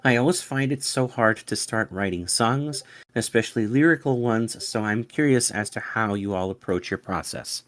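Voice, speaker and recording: Low-voiced guy hosting a fan q&a, super eager, dry close sound. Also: normal speed, dry recording. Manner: eager, excitable, stumbling over words. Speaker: fan club host. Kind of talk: reading fan questions aloud. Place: home studio.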